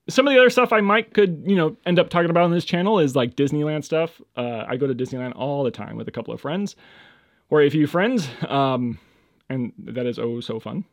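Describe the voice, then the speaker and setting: A young man hosting his first solo podcast, rambling with lots of fillers, his voice jumping between loud and quiet as he drifts on and off the microphone. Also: no echo. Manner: rambling, lots of fillers, swings in loudness and pitch. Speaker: podcast host. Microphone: home microphone, moves on and off it.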